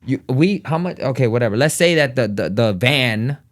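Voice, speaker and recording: A man's voice: medium pitch, normal speed. A man telling a family story in casual chat, acting out the people in it and laughing often. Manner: animated, acts out quotes in different voices. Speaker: family vlogger.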